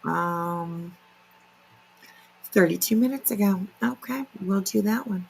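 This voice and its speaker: A woman's voice: medium pitch, takes it slowly, gravelly, a little mellow, a little hiss or hum, poor audio. A woman hosting a casual livestream, chatty and filler-heavy, greeting viewers by name. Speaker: livestream commentary host.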